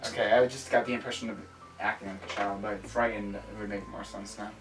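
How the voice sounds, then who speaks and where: A man's voice: lowish voice, fairly even intonation, a little fast, reverberant. A man chatting casually as a player in a tabletop game, thinking aloud and asking questions. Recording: distant mic, faint music.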